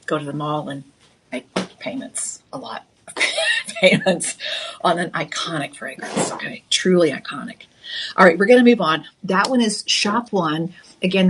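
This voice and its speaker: Husky-voiced woman selling on a home shopping channel, chatty and upbeat, lapel mic in a studio. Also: medium pitch. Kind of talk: live TV shopping pitch.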